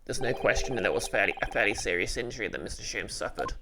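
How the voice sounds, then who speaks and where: A woman's voice: extremely low pitch, animated, fast, background noise, pitched below the performer's own voice. A woman voicing an earnest, puzzled young male lawyer, reading the hero's lines from a mystery game.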